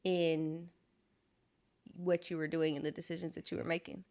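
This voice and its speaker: Brief: woman podcast host, lowish voice, relaxed and chatty interviewer. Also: moderate pace. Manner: relaxed, chatty questions with casual slang.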